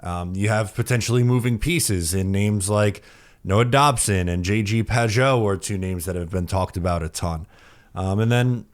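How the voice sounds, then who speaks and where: Talking at a normal speed, the man has a fairly low voice as he co-hosts a hockey podcast. His chat is casual, rambling and cheerful, packed with fillers.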